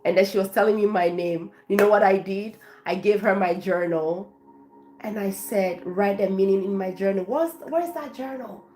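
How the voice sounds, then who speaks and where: A woman's voice: mid-range voice, normal speed, darkish tone, soft background music. A woman from Africa, a life coach, chatting effusively on a live stream and thanking her viewers by name.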